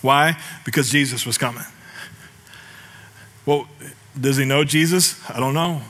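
A middle-aged American man preaching a lively, joking sermon that builds to shouts. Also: mid-range voice, unhurried. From United States. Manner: animated, jokey, shouts scripture cries. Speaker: pastor.

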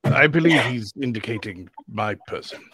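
A man playing a tabletop game who speaks in a measured way, laying out his points in order. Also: medium pitch, animated, bright, forceful tone, a little hiss or hum. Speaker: player. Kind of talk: casual tabletop play.

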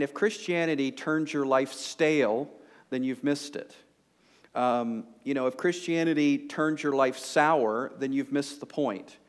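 A man preaching a sermon to a congregation, conversational and joking, with frequent fillers like "you know". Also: mid-range voice. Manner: conversational, humorous, lots of fillers. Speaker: pastor. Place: church sanctuary before a congregation.

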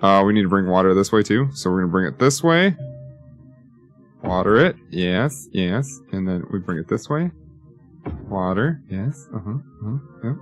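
A man's voice: deep voice, animated, moderate pace, faint music behind. A man giving casual, rambling let's-play commentary, joking and talking to himself as he builds. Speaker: gaming YouTuber.

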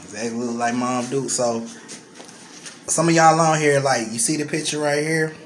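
A man's voice: medium pitch, moderate pace. A man vlogging casually to his followers from home, emotional and choked up, sighing heavily as he talks into his phone camera. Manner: emotional, choked up, heavy sighs. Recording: noticeable room noise.

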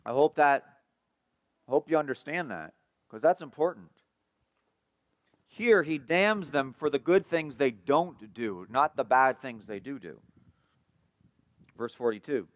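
A man preaching a sermon as pastor, emphatic and repetitive, dropping to a soft hush for tender passages and rising for key points. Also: expressive, unhurried, long pauses, dry recording, studio quality. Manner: emphatic preaching, repeats key phrases, rises in pitch and force when stressing points.

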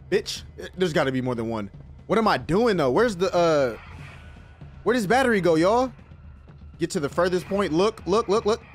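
A man giving excitable, profane let's-play commentary as he plays a game, yelping and shouting when startled. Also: high voice. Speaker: gaming video host.

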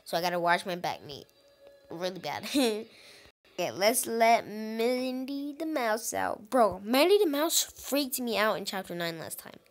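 A woman hosting a gaming channel, giving excitable let's-play commentary and talking straight to her viewers with frequent exclamations. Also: medium pitch, measured pace, soft background music.

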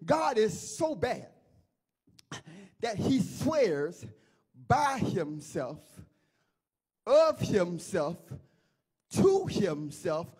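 A man's voice: high-pitched, sing-song, drawn-out words, long pauses, darkish tone, husky. A middle-aged male pastor preaching a sermon with a chanting call-and-response delivery.

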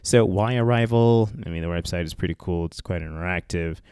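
A man's voice: deep voice, fairly quick, a little mellow, smooth, no echo, clean studio sound. A man from Africa giving a chatty, rambling commentary while browsing a website, often calling his viewers guys. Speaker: tech vlogger. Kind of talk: casual screen-share commentary.

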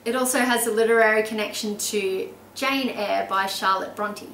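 A woman's voice: mid-range voice, steady tone, moderate pace, fairly bright tone, reverberant, far from the mic, slight background noise, poor audio. An Australian woman talking casually and enthusiastically in a vlog, often laughing as she explains things. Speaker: baby name vlogger.

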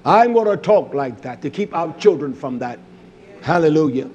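A man preaching a sermon with passion, his delivery swinging from hushed, low phrases to shouted outbursts. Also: lively intonation, normal speed, slight background noise.

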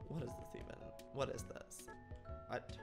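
In this let's-play, a gaming YouTuber in his twenties delivers excitable, dramatic commentary full of silly exclamations and mock-outraged shrieks. Despite the energy, his pace is measured, and loud music plays underneath him.

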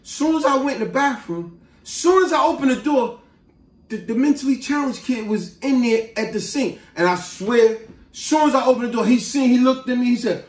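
A man casually telling a story from his school days in a slangy, animated way, with lots of asides. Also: extremely high pitch, moderate pace. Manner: animated, street-slang storyteller who breaks into asides and acted quotes. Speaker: vlogger. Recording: roomy, distant mic.

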